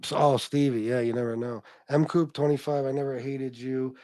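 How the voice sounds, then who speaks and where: A man's voice: mid-range voice, fairly even intonation, moderate pace, a little mellow, no room sound. A man hosting a casual livestream, reading chat comments aloud, blunt and profane, calling viewers bro. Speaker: livestream host.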